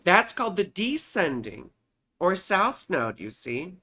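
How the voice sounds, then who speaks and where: Her voice is on the low side, very animated yet slow-paced, with a sharp tone. She's an astrologer running a casual livestream from home, chatty and rambling, and she sprinkles "you see" and "right" through her explanations to check in with her audience.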